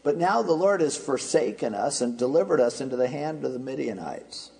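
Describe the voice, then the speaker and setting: A preacher voicing a sarcastic, doubting farmer. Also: male voice, medium pitch, lively intonation, fairly quick, gravelly, a little mellow. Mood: sarcastic complaint. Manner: sarcastic, complaining, exasperated. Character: doubting, sarcastic young Israelite farmer, man.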